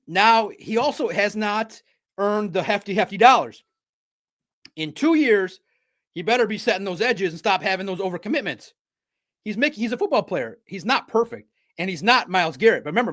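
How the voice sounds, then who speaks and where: A man hosting a casual sports talk show, riffing in an animated, jokey way with sudden loud bursts. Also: high voice.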